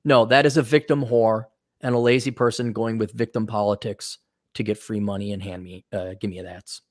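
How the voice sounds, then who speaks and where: A man's voice: lowish voice, fairly even intonation, moderate pace, a little mellow, no echo, studio quality. A middle-aged man giving a blunt, sarcastic opinion monologue as a commentator. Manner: sarcastic and blunt, mocks in put-on voices. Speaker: commentator reading and reacting.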